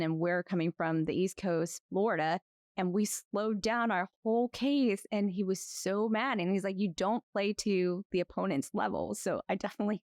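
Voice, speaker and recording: A woman lawyer being interviewed, chatting in a rambling, lively way with frequent restarts. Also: on the low side, no echo, studio quality. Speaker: guest, lawyer. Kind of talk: conversational interview.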